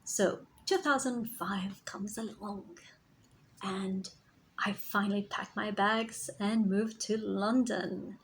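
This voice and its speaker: A woman speaks in a slow, unhurried way as a spiritual healer sharing her own journey. Her mid-range voice carries a gravelly edge, and she often softens into a near whisper. Faint hiss sits under the recording. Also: mid-range voice, steady tone, poor audio. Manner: reflective, slow, sometimes drops to a whisper. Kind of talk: personal storytelling vlog.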